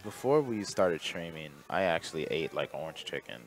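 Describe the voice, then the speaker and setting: A man co-hosting a podcast in relaxed chat, laid-back and constantly saying "like". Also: low-pitched, moderate pace. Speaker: podcast co-host.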